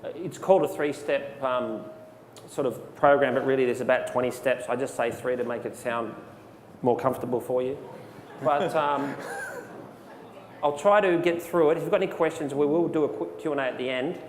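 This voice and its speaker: A man's voice: mid-range voice, moderate pace. Male presenter, chatty live demo, handheld mic, reverberant hall with faint noise. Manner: relaxed, conversational, with many fillers and restarts. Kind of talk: live software demonstration. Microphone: handheld microphone.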